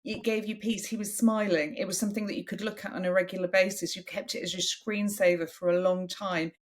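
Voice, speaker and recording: A woman hosting a podcast interview in a casual, animated chat. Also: mid-range voice, fairly quick. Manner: animated, breaks into lively acted-out quotes. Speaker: podcast host.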